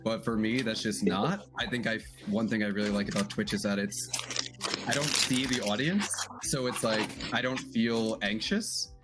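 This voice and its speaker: A man with a lowish voice speaks hesitantly in a casual panel chat, restarting often. He sounds soft-spoken and self-deprecating. His voice comes through a video call. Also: normal speed, over loud music. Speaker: streamer and podcast guest.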